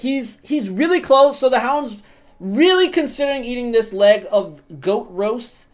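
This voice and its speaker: A woman's voice: on the high side, animated, unhurried, darkish tone. A woman streamer giving casual, profane commentary while roleplaying a video game. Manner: chatty, swears freely.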